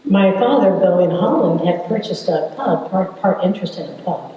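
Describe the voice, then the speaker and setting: A woman in her seventies telling her family's story to an audience, wry and unhurried, with dramatic pauses. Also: on the low side, lively intonation, dark tone, highs cut off, slight background noise. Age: 70s. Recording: echoey hall from far off.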